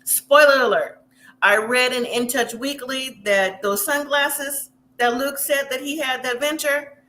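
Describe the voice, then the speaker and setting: Chatty and opinionated, a woman recaps a reality show for her viewers, addressing them directly in a high voice that is steady and sharp. She slips into quick impressions of the people she describes.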